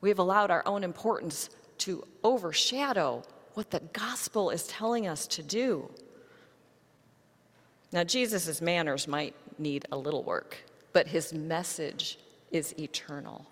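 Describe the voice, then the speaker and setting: A woman pastor preaches at a slow, deliberate pace, telling a story to her congregation. Her voice sits a little low. It rings with the long reverb of a church hall. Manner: measured storytelling delivery to a congregation. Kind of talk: sermon.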